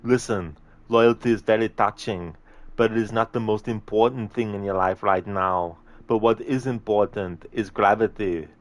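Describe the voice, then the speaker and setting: A man doing an impression of a gruff, menacing commando soldier with a heavy Austrian accent. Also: lowish voice, fairly even intonation, normal speed, lightly acted.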